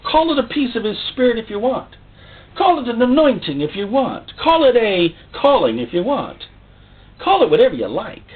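A man's voice: very high-pitched, sing-song, moderate pace. A man preaching a sermon, theatrical, full of rhetorical questions. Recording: tinny phone-like sound.

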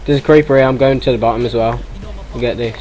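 A man's voice: medium pitch, quick pace. A young man chatting casually while playing a game, yelping and laughing at what happens on screen. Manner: excitable, yelps and laughs at the game. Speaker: gaming channel host. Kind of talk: casual gameplay chat.

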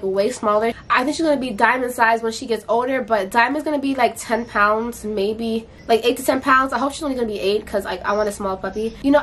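Chatty high-voiced teenage girl vlogging. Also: a little hiss or hum. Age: late teens. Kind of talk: casual vlog chat.

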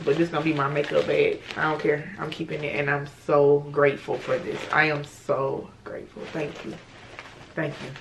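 A woman's voice: deep voice, slight background noise. A young woman chatting casually and bluntly in a vlog, swearing freely. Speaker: vlogger.

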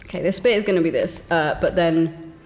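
A woman giving excitable, giggly commentary while playing a game on stream, talking to herself. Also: fairly low pitch, fairly quick, big-room sound, soft background music. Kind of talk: gameplay commentary.

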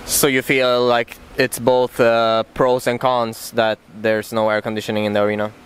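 Male reporter, monotone, very clear voice, rambling stumbling questions. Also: mid-range voice, normal speed. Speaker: interviewer, reporter. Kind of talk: interview questions.

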